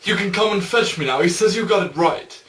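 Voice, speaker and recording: A sinister caller, voiced by a man who taunts in a slow, high voice. He sounds echoey and distant, as if recorded across a room. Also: fairly bright tone. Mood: taunting. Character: sinister mysterious caller, adult male.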